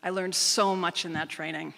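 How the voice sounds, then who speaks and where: A woman voicing a calm, kind police officer who speaks in a steady, reassuring way. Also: on the low side, moderate pace, vocal fry. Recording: reverberant live hall.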